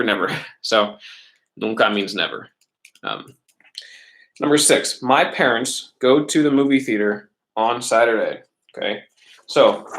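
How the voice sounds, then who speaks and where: A man's voice: medium pitch, fairly bright tone. A man teaching a Spanish class over a webcast, in a casual, chatty way, often checking in with his students. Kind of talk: remote classroom lesson.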